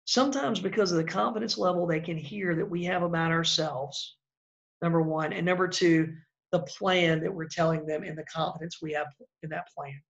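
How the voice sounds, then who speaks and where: Male real estate coach, blunt and chatty, gravelly voice, lo-fi sound. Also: a little high, fairly even intonation, normal speed, fairly bright tone. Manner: blunt, conversational, acts out example calls. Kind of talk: casual coaching talk.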